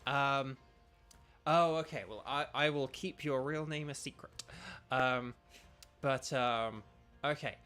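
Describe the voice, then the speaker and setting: A man's voice: medium pitch, takes it slowly, pauses often, sharp tone, clear, resonant tone, soft background music. A young British man chatting casually while streaming a video game, rambling with lots of ums and restarts. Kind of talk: casual live-stream chat.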